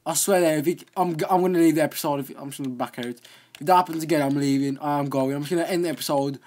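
Young male gaming host, casual excitable commentary, voice a bit high, typing heard. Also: racing, slight background noise. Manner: excitable, easily startled, exclaims often.

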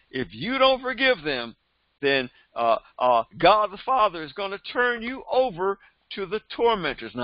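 A man with a notably high voice delivers a Bible-teaching sermon. He moves between reading scripture and retelling it in everyday speech, repeating points and addressing his listeners directly. The recording is dry and slightly dull, with a lo-fi quality. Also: dry recording. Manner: reads scripture aloud, then retells it in plain everyday speech. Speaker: pastor.

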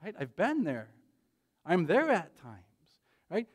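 A man preaching a sermon in a church, animated and conversational, often checking in with "right?". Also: high voice, takes it slowly, long pauses, slightly rough. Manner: animated, frequent "right?" tag questions. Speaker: pastor.

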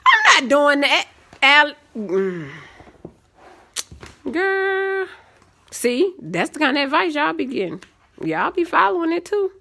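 A young woman, hosting a casual live stream and telling sassy, animated stories. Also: high-pitched. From Southern United States.

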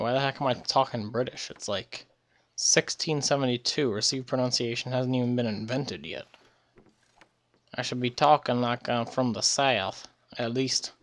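A let's play gamer who is still recovering from illness sounds tired as he chats through a strategy game, rambling and often correcting himself mid-sentence. His medium-pitched voice has a fairly bright tone.

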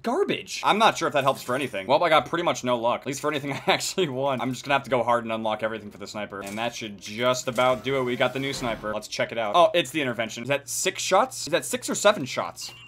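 A young man with a scratchy, hoarse throat giving loud, excitable gameplay commentary, swearing and bursting into shouts. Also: mid-range voice, fast talker, hardly any pauses. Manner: excitable, swears a lot, sudden shouting outbursts. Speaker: gaming video creator.

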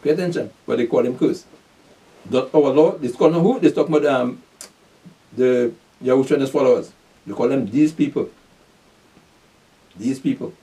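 A man's voice: mid-range voice, moderate pace, pauses often, warm tone. A male preacher teaching a sermon, reading scripture and asking and answering his own questions in street slang. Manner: repeats "pay attention", asks and answers his own questions; reads scripture aloud, then explains it in street slang. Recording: voice from far off the mic.

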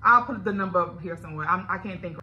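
A woman's voice: on the low side, fast talker, highs cut off, a little hiss or hum. A woman with a Louisiana accent, chatting candidly and directly to her viewers in a casual video diary. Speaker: vlogger. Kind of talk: casual chat to camera.

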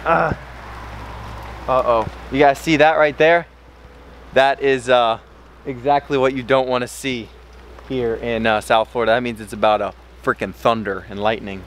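A man filming a casual fishing vlog outdoors by a pond, chatty and excitable, hurting from a cut on his hand. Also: slight background noise. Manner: excitable, talks to his fish in a high baby voice. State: in pain from a cut. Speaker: fishing vlogger.

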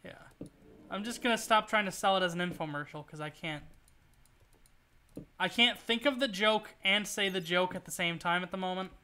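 A man's voice: high-pitched, moderate pace, long pauses, sharp tone, smooth. A man streaming a video game, rambling and joking through his play and swearing when things go wrong. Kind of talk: casual gameplay commentary.

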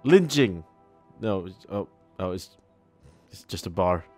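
A man talks over a video game in a loose, sarcastic running commentary, reacting out loud to what's on screen. His voice sits a bit low, and faint music plays underneath. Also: animated, slow. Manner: chatty, sarcastic, reacts aloud. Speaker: gaming channel host. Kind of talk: let's play commentary.

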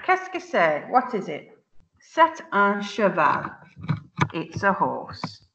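A woman teaching children an online French lesson, saying words slowly and clearly for them to repeat, chatty and laughing at her own slips. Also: mid-range voice, sing-song, a bit bright, muffled recording, a little hiss or hum. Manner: slow, clear drilling of words for repetition; chatty and self-mocking, exclaims at slips. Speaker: primary school teacher.

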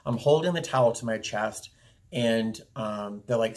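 A young vlogger speaks into his camera, recounting a personal story with plenty of fillers and restarts in a loose, rambling manner. His voice is fairly low and a little mellow, and he talks a little slowly.

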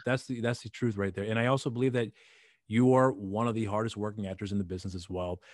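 Fast-talking deep-voiced man hosting. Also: steady tone, no echo, studio quality. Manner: fast, repeats words and restarts, earnest. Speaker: host. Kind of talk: casual interview.

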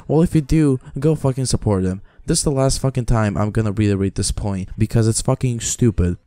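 A man's voice: on the low side, warm tone, clear, resonant tone, no room sound. A man hosting a reaction video, ranting in a profane, exasperated, mocking way. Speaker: reaction channel host. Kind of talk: ranting commentary.

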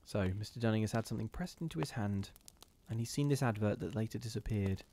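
A man's voice: lowish voice, quick pace, mellow, a little hiss or hum. A man hosting a live ghost story reading, chatting casually with his viewers between passages in a self-deprecating way.

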